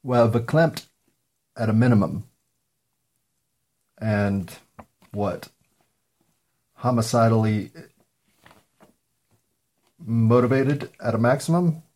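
A man hosting a solo talk show, rambling through jokes and musings with many ums and pauses while high. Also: darkish tone. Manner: meandering, joking asides, frequent ums and pauses. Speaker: podcast host.

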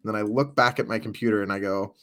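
A man's voice: fairly low pitch, fairly even intonation, fast talker, a bit bright. Blunt, swearing man. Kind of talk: casual chat.

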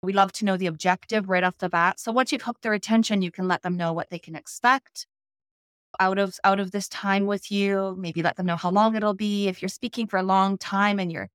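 A woman who coaches public speaking, a guest on a podcast, explaining in a measured, instructive way. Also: mid-range voice, no echo, studio quality. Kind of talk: podcast interview.

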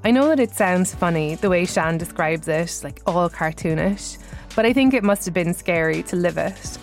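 A woman's voice: on the low side, lively intonation, normal speed, soft background music. A woman hosting a casual chat, responsive and supportive, laughing along. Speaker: podcast host.

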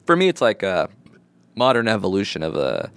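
A man's voice: fairly low pitch, wildly swooping pitch, brisk, a bit bright, no echo. A man co-hosting a podcast, chatting casually and joking, laughing often and using lots of "like". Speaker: podcast co-host. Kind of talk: casual chat.

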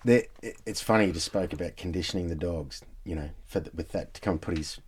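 An Irish man with a lowish voice hosts a podcast. He chats in a relaxed, easygoing way and jokes about his own dog. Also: fast talker, a little hiss or hum. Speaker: podcast host. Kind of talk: casual podcast chat.

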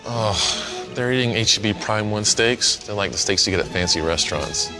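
A weary, exasperated man stuck explaining the product, played by a man in a TV commercial. His voice is low and flat-toned, with loud music running beneath it. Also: moderate pace, natural voice, low-quality recording. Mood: annoyed. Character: grown man in an ad, fed up with his silly teammates. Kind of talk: comic TV commercial acting.

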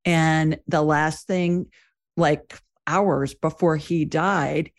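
A woman's voice: low-pitched, steady tone, very slow. A woman hosting a podcast, talking with her guest and thoughtfully sharing a related story. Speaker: podcast host. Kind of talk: conversational interview.

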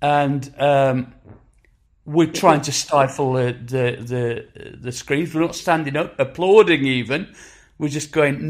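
A man's voice: a little high, slow. Chatty older man with a Sheffield accent. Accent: Sheffield English. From England. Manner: animated anecdote-telling with acted quotes and frequent restarts. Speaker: musician guest. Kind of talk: casual chat, storytelling.

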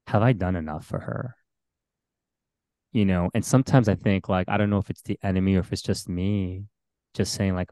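A very low-voiced man talking in a casual podcast conversation. He is a pastor, and he speaks earnestly and thoughtfully, with frequent fillers and restarts. The recording is close and dry. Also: fairly quick, a little mellow, no echo.

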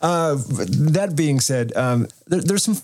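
A man's voice: fairly high pitch, lively intonation, takes it slowly, darkish tone. A man co-hosting a casual movie review podcast, wry and joking, often restarting his sentences. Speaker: podcast co-host.

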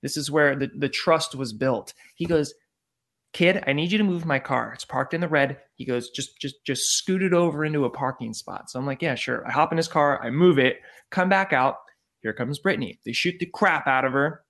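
Animated, profane man telling a story. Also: mid-range voice, moderate pace. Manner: animated, profane, acts out quotes. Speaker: podcast guest. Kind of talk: casual storytelling.

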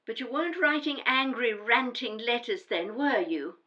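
An actress playing a grown daughter, a firm and defensive housewife, in an audio drama. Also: female voice, fairly high pitch, moderate pace, lo-fi sound, close to an everyday voice. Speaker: adult daughter.

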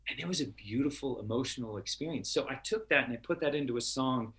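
Give me a man as a podcast guest, earnest and heartfelt, with a medium-pitched voice. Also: a bit bright. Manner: earnest, heartfelt, with halting restarts. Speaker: podcast guest, TV show star. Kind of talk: casual interview storytelling.

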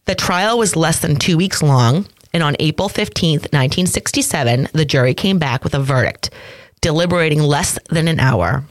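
A woman with a low voice hosts a true crime podcast, reading case notes from a script. She stops often to react and joke with her co-host. The sound is dry and close to the mic. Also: expressive, normal speed, dry recording. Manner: reads case notes then jokes and comments.

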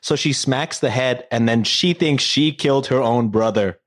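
A man's voice: medium pitch, normal speed. A man casually retelling a story to friends, rambling and profane, full of fillers and jokes.

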